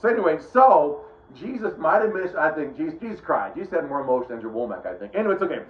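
A man's voice: a little high, lively intonation, quick pace. A middle-aged man giving a casual, rambling Bible teaching, often breaking off and restarting his sentences. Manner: rambling, conversational, self-interrupting. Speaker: preacher. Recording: roomy, dull lo-fi sound.

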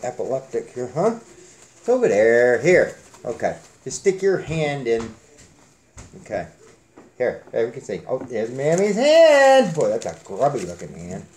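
A man's voice: mid-range voice, huge pitch swings, a little slow, darkish tone. A man hosting a casual giveaway drawing on his channel, joking and rambling in a folksy way. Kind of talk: casual chat.

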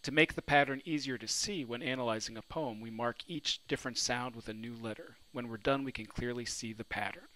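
Brisk and barely pausing, a man with a bright, forceful, mid-range voice lectures on poetry in a recorded New Orleans class. As a literature teacher, he asks his students questions and answers them himself, and the audio is poor.

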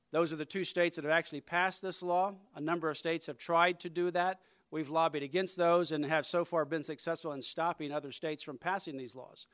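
A man with a slightly high voice delivers a conference lecture as a religious liberty lawyer. He speaks deliberately and emphatically, stressing key words and pausing often. The sound is dry and close, with no room echo. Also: a bit bright. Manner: deliberate, emphatic, with pauses and fillers.

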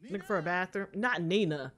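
A young woman hosting a reaction video, talking casually and trash-talking the characters loudly with plenty of swearing, recorded at home on a desk mic. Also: fairly low pitch, fairly quick. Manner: loud, profane, animated trash talk at the screen.

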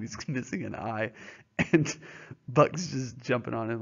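A male teacher reads a novel aloud and explains it to his students patiently and informally, often asking questions to check they understand. His medium-pitched voice is unhurried, fairly bright, and has vocal fry, captured on a dull lo-fi recording.

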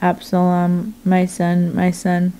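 A grieving aged king speaks in a slow, flat, mellow voice, as a woman reads his lines. The delivery stays level and unhurried, with almost no rise or fall in pitch. It is a plain scripture reading, with no acted voice. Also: a little hiss or hum. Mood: mournful.

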